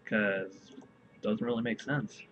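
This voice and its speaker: A man reads a horror tale aloud while playing a game, taking his time and drawing out every line. His voice sits at an ordinary pitch and comes through a dull, lo-fi recording with a faint hiss behind it. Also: fairly even intonation. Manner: slow, dramatic reading with loud chanted heartbeat sounds. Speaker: gamer reading a horror story aloud. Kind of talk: casual let's play commentary with story reading.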